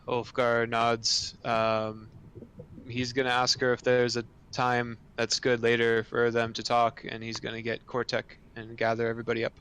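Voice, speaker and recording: A man playing in a tabletop game, describing his character's actions slowly and levelly. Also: mid-range voice, completely flat delivery, a bit bright, a little hiss or hum, low-quality recording. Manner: slow, level narration with fillers. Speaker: player.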